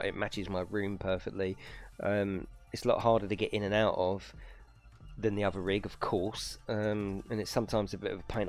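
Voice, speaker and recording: A man hosting a live racing stream from his home rig, chatting casually with viewers, swearing and exaggerating as he talks. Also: lowish voice.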